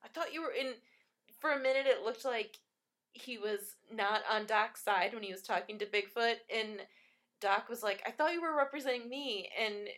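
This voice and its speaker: A woman's voice: a little high, moderate pace, fairly bright tone. A woman chatting casually about a film, rambling with lots of fillers and laughing often.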